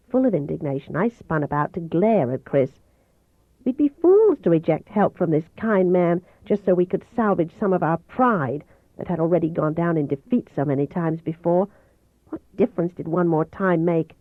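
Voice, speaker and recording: A woman reading a novel aloud in the first person with steady, even storytelling. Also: fairly low pitch, normal speed, no echo. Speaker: audiobook reader. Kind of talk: first-person audiobook narration. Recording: dull, dry home recording.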